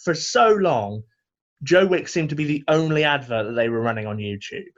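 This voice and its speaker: A man co-hosting a comedy podcast from home over a video call, grumbling and mock-ranting with a dry edge. His voice swings widely in pitch, and the audio is dull and lo-fi, as on a video call. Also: lively intonation, moderate pace. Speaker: podcast co-host. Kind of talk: casual comedic chat. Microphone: video call microphone.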